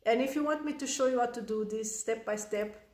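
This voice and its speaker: A woman giving casual parenting advice as a coach, telling a story with lively, acted-out scenes. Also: fairly high pitch, a little fast. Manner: animated storytelling, acting out scenes. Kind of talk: casual direct-to-camera advice. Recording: roomy echo.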